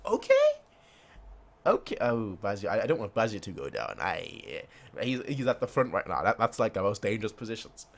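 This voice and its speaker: A man's voice: lowish voice, very animated, brisk, vocal fry. A man hosting a manga reaction, rambling casually and repeating filler words as he reacts.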